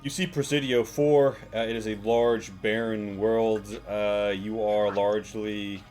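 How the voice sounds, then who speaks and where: A man's voice: fairly low pitch, fairly even intonation, unhurried, music in the background. A man narrating as game master of a tabletop game, rambling with many fillers.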